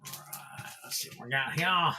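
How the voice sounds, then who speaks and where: A man's voice: mid-range voice, unhurried, sharp tone, slight background noise. A man hosting a trading card livestream, chatting casually and thanking viewers by name.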